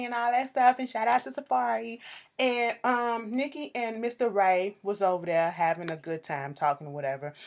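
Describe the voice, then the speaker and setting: Woman, casual profane recap, sassy, animated delivery. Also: fairly high pitch, gravelly. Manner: animated, sassy, swears freely, acts out quotes. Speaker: reality TV recap vlogger.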